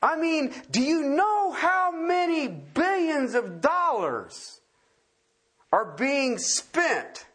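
A man's voice: very high-pitched, sing-song, very slow, fairly bright tone. A man preaching a sermon in a folksy, emphatic way, firing off rhetorical questions and repeating key words.

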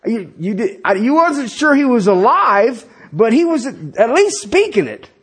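Animated, husky-voiced man preaching a sermon. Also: extremely high pitch, unhurried. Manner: animated, conversational preaching with asides and laughs. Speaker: pastor.

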